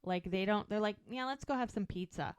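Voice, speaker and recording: Woman, podcast co-host, smooth clear voice, dry close sound, chatty scene recap. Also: medium pitch, a little fast, dry recording. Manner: retells scenes quoting characters, chatty. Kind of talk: casual rewatch podcast recap.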